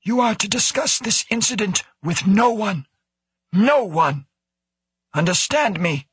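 A man voicing a stern station director who gives sharp, clipped orders. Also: mid-range voice, moderate pace, slightly rough, no echo, voice pushed up.

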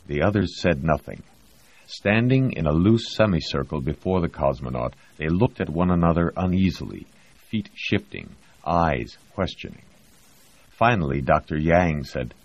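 A man narrating an audiobook in a measured, expressive storytelling manner, on a dull lo-fi recording. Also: extremely low pitch. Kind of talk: scripted narration.

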